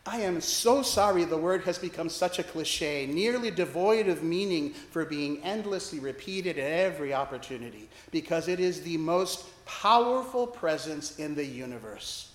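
A man's voice: fairly high pitch, animated, normal speed, hardly any pauses. Wry storytelling preacher man, echoey. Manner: storytelling, wry and self-deprecating. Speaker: priest. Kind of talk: sermon.

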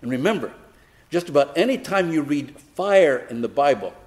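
A man preaching a sermon, telling a personal story in an unhurried, reflective way with touches of gentle humor. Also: a little high, expressive.

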